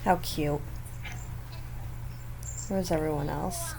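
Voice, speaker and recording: A woman's voice: sits low, very animated, slow pace, vocal fry, mellow, slight background noise. A woman hosting a gaming channel, giving chatty, giggly gameplay commentary. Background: faint neighbors outdoors.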